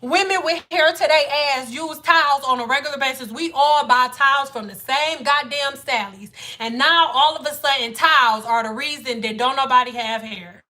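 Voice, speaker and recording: Blunt high-voiced woman ranting about hair. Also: normal speed, few pauses, sharp tone. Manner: blunt, exasperated, profane. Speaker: hair care educator. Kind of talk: casual livestream lesson and rant.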